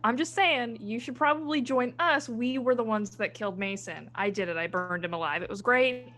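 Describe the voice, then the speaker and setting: A woman player talking in character, deadpan and persuasive. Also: on the high side, moderate pace, slight background noise. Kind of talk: in-character game talk.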